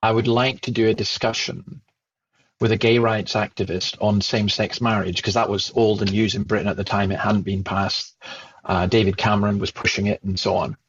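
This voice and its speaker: Husky Scottish man telling a story. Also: fairly low pitch, normal speed, highs cut off. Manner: animated, acts out remembered dialogue. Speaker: Christian speaker and guest. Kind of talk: storytelling in conversation.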